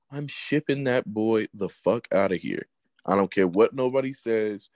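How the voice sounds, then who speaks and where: A man's voice: fairly low pitch, animated, moderate pace, a little mellow, dry recording. A man co-hosting a casual sports podcast, blunt, emphatic and heavy on profanity. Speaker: podcast co-host.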